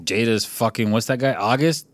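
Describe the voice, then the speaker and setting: A man's voice: mid-range voice, moderate pace, noisy background. A young man hosting a podcast, talking loosely and profanely and rambling with plenty of "like" as he chats with friends. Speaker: podcast host. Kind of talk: casual podcast chat.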